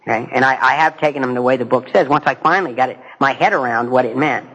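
The audio is dull, but you can hear a middle-aged man talking fast in a medium-pitched, somewhat bright voice with a breathy edge. He's offering a personal testimony at a recovery meeting, casual and poking fun at himself, addressing the audience head-on with questions.

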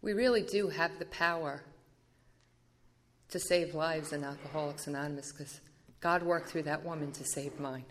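A woman giving an animated personal recovery testimony at a meeting, acting out the dialogue as she goes. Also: low-pitched, normal speed, a little hiss or hum.

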